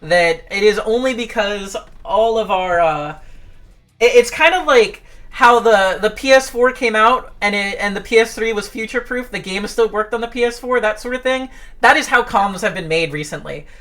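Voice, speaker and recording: A woman's voice: medium pitch, moderate pace, fairly bright tone. A woman narrating a tabletop game as game master, rambling with many filler sounds. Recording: faint music underneath.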